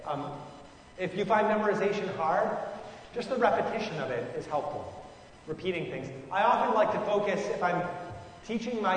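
A man with a fairly high voice teaches scripture in a relaxed, musing way, often pausing and restarting his sentences. He sounds far from the mic in a long, echoing hall with faint background noise. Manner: informal, musing, frequent fillers and restarts. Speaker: Bible study leader. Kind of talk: conversational Bible teaching.

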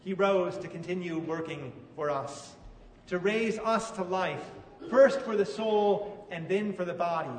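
A man preaches a sermon with a high, light voice, talking to the congregation in plain conversational terms and asking questions. The sound carries a long reverb, and the mic sits some distance away. Faint room ambience hangs underneath. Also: a little hiss or hum. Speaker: pastor. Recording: echoey hall, mic from far off.

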